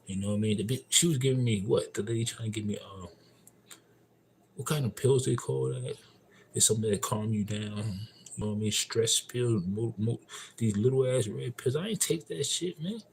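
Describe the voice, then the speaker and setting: A man in a casual livestream monologue, telling a story in a profane, emphatic and rambling way. He swings between loud outbursts and low mutters. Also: lively intonation, normal speed, creaky, a little hiss or hum, poor audio. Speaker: livestream host.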